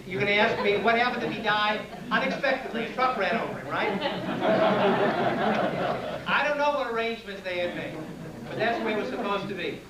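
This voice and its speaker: A man's voice: high-pitched, lively intonation, brisk, pauses often, distant mic. Man lecturing in an echoey room. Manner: plain-spoken, answers questions directly. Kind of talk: classroom lecture with questions. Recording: echoey room taped from afar, faint hiss.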